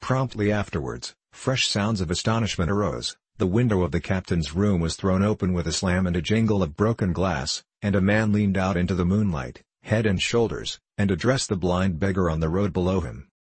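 A man narrating a storybook in a measured, steady reading. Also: low-pitched, breathy edge, no echo. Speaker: audiobook narrator.

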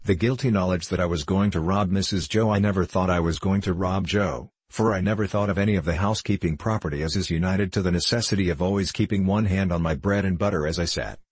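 Low husky-voiced guy reading a classic novel, measured, dry close mic. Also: a little mellow, no room sound. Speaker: audiobook narrator. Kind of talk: scripted narration of a classic novel.

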